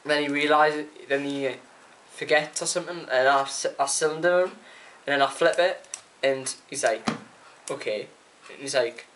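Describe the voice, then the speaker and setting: A young man, chatting excitedly through a casual vlog recap, full of fillers and acted-out quotes. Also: mid-range voice, normal speed, a little hiss or hum. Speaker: card game player reviewing a tournament.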